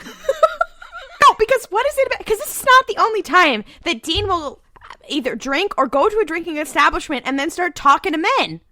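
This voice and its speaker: A woman's voice: very high voice, sing-song, normal speed, sharp tone, no echo. A woman co-hosting a podcast, chatting casually and playfully about a TV show. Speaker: podcast co-host. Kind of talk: casual chat.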